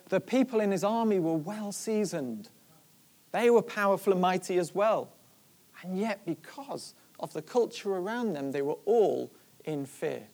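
A preacher in the middle of a sermon, retelling a story with animated energy and a mid-range voice. The talk is driven by rhetorical questions aimed at the listeners. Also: medium pitch.

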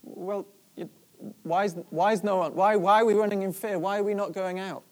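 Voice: mid-range voice, a little fast, lightly acted. A preacher playing an eager young shepherd boy. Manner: eager, excited questioning.

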